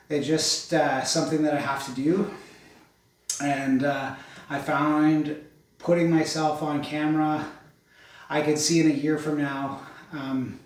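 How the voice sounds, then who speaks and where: Fitness vlogger, man, slightly higher voice, winded, halting and rambly, heard from across a very echoey room. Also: distant mic. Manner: rambling, with many ums and uhs. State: out of breath. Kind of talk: casual workout check-in.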